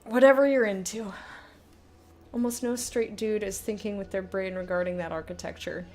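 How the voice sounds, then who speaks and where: A young woman streaming a game and chatting casually with her viewers, blunt and quick to swear, laughing often and reading their messages aloud. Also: medium pitch, steady tone, darkish tone, faint music behind. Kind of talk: casual live-stream chat while gaming.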